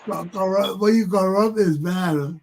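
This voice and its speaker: A man with a Liberian English accent hosting a talk show, ranting heatedly and mimicking people's repeated yelling. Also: high-pitched, normal speed, vocal fry.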